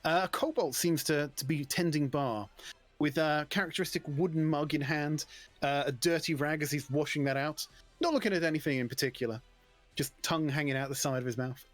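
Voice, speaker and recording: A man narrating a tabletop game as game master, relaxed and prone to stammering restarts. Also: a little high, a little fast, soft background music.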